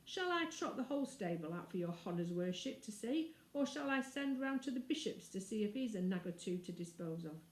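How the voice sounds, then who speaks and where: A woman's voice: mid-range voice, lively intonation, fairly quick, hardly any pauses, echoey room, lightly acted, poor audio. Woman voicing a sarcastic horse dealer. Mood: mocking. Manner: mocking, sarcastic.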